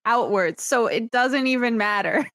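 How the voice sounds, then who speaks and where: Woman podcast guest, understated wit, higher voice, dry close mic. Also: a little slow, fairly bright tone, no room sound. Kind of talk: casual chat.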